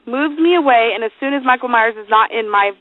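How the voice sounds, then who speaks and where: A young woman co-hosting a podcast, telling a story in a profane, animated, self-mocking way. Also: on the high side, fairly quick, no room sound. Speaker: podcast co-host. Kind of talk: casual storytelling chat. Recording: dry tinny phone-like sound.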